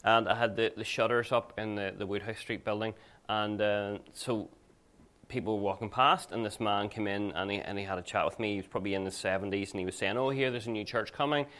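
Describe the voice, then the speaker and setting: A male pastor with a fairly low voice preaches a sermon and tells stories along the way. His delivery is conversational and earnest, more like chatting than proclaiming. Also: level tone, fairly quick, a bit bright. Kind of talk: sermon with personal anecdotes.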